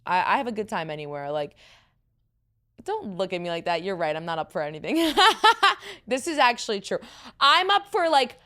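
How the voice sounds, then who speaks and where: A young woman talking on her own podcast, chatty and animated, with lots of fillers and quick asides. Her voice is a little deep and slips into vocal fry now and then. Her pitch sits in the middle range. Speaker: podcast host. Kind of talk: casual chat.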